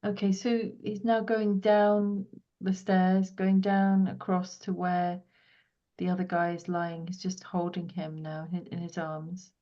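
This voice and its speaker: A woman hosting a podcast, talking a client through an intuitive reading in a soft, earnest way that drops to a hush as she relays what she senses. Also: on the low side, level tone, unhurried, muffled recording. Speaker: podcast host and property healer.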